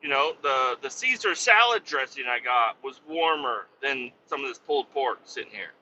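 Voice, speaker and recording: Rambling, exasperated man, bright tense voice. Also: medium pitch, animated, normal speed. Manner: rambling, exasperated, swears freely. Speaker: podcast host. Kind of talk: casual storytelling monologue. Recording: dull, slightly lo-fi sound with faint noise.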